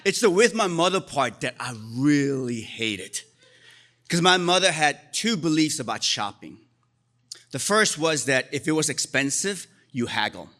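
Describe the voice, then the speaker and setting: A man's voice: fairly high pitch, very animated, measured pace, bright, forceful tone. Wry Korean-born man telling a story. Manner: wry, self-deprecating humor. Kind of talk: live storytelling at a story slam. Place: stage at a live story event.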